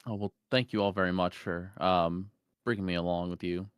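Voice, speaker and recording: A man's voice: low-pitched, fairly even intonation, normal speed, clean tone, dry recording, highs cut off. A man playing a tabletop game, speaking for his character in a hesitant, sheepish way. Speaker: player.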